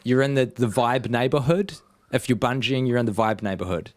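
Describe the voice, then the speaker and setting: A man's voice: medium pitch, brisk, a little mellow. A man hosting a comedy quiz over a video call, chatty and teasing the players. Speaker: quiz host.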